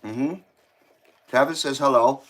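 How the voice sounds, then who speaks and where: At home indoors, a man with a mid-range voice and a measured pace hosts a casual live stream. He chats and reads viewer comments aloud, talking between bites as he eats.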